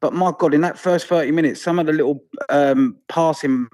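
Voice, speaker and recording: A man calling in by phone, excited, quick and sweary about the match. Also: on the high side, dry recording. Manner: buzzing, rapid, sweary. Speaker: phone-in fan caller. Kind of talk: excited football chat. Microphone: phone call.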